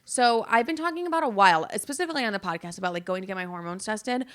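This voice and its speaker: A woman's voice: mid-range voice, animated, rapid-fire. A young woman hosting her own podcast, talking candidly in a casual solo monologue, rambling with lots of fillers and frequent swearing. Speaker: podcast host.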